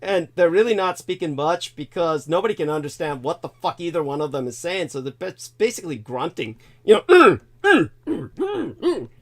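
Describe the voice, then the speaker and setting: A man's voice: a little high, fairly quick, few pauses. A man hosting a live stream, rambling and profane, laughing often as he reads donations. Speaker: show host. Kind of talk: casual live-stream chat.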